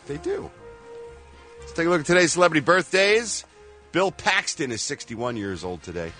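A man's voice: on the high side, sing-song, moderate pace, pushed and bright, soft background music. A man giving a light, playful showbiz news segment on a morning radio show, slipping into a mock-formal tone. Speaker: entertainment news reporter.

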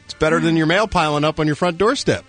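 A man's voice: a little high, fast talker, fairly bright tone, faint music behind. A man delivering the entertainment news on a morning radio show, adding wry, joking asides. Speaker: showbiz reporter. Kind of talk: casual radio news segment.

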